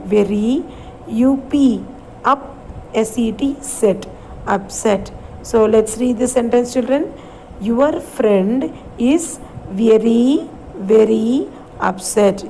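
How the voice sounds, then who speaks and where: A woman's voice: on the high side, darkish tone, a little hiss or hum, poor audio. A woman teacher with an Indian English accent, giving a recorded reading lesson to young children, spelling out words letter by letter and asking them questions. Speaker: primary school English teacher.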